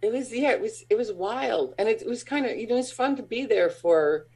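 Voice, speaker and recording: A woman who is an actor and stand-up comic, telling stories in a casual interview. She talks in a chatty, animated way with many fillers, laughs often and acts out other people's lines. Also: a little high, fairly quick, slightly rough.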